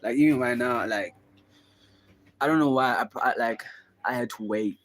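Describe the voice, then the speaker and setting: A man's voice: medium pitch, moderate pace, fairly bright tone. A young man vlogging in a casual confessional monologue, rambling and musing, with constant fillers. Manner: rambling, musing, full of "like" and "bro".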